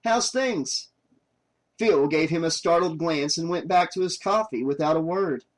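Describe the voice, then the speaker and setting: A man's voice: on the high side, moderate pace, poor audio. Man reading an audiobook aloud. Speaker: audiobook narrator. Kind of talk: scripted narration.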